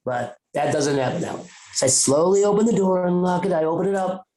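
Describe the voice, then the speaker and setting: Young guy, podcast host, slightly high voice, loose profane storyteller, roomy sound. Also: fairly quick. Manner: profane, rambling, animated retelling. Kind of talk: comic storytelling. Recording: roomy echo.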